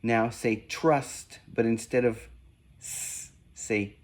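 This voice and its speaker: A man slowly giving spoken sound-swap drills, one deliberate prompt at a time. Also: medium pitch, fairly even intonation. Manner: slow, deliberate, evenly paced prompts. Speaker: reading test examiner. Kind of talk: slow scripted phoneme drill.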